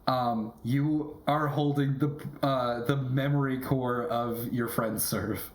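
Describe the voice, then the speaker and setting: Easygoing game master in echoey room. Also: male voice, medium pitch, steady tone, slow pace. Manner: easygoing, laughs readily. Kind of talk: narrating a tabletop game.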